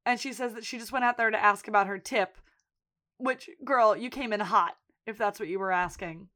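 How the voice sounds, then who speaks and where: A woman's voice: mid-range voice, normal speed, fairly bright tone. A woman co-hosting a podcast, casually recapping a TV episode and acting out the characters' lines, with plenty of swearing. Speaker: podcast co-host.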